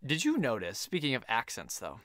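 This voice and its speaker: A young man co-hosting a casual movie podcast, animated and jokey. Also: medium pitch, fairly quick, dry recording. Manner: animated, jokey, breaks into impressions. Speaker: podcast co-host. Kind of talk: casual chat.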